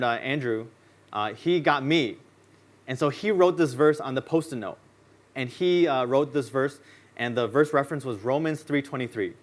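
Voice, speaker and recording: A man preaching a sermon in a relaxed, conversational way, telling personal stories and acting out what people said in them. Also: medium pitch. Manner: casual, conversational storytelling; acts out quoted lines in his stories. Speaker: pastor. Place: church.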